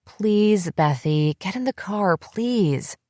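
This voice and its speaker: A woman's voice: mid-range voice, animated, unhurried, no echo, clean studio sound. A woman reading the part of a desperate young woman who begs and pleads with her sister in an audiobook. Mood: pleading. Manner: pleading, wheedling, rising to yelling.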